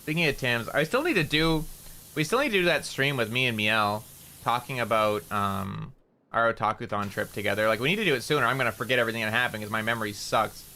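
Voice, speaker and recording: A medium-pitched man talks fast with a sharp tone, casually rambling as he streams a game. His mild rural Canadian accent comes with lots of "like" and easygoing swearing.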